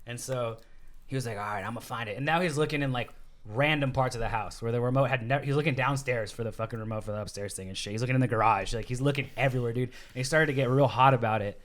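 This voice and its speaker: A man's voice: mid-range voice, fast talker, a bit bright. A man hosting a podcast, telling a long story in casual chat, rambling and profane, full of "like" and restarts, acting out the people he quotes. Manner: acts out quoted people in shifting voices.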